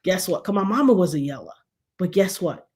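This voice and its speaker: A middle-aged woman hosting a live talk show, giving emphatic, folksy relationship advice to her chat and now and then dropping to a near hush. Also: on the low side, animated, a little fast. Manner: emphatic, preachy, folksy, drops to a hush for effect. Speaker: livestream talk show host.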